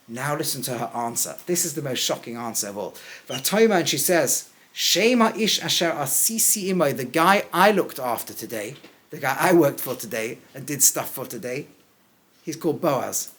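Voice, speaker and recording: A middle-aged man teaching as a rabbi, acting out the lines of the people in the verses with big rises, then dropping low and quiet for key points. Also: lively intonation, moderate pace. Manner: acts out the characters' lines with big pitch swings. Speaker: rabbi teaching a text class. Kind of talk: animated Bible lesson.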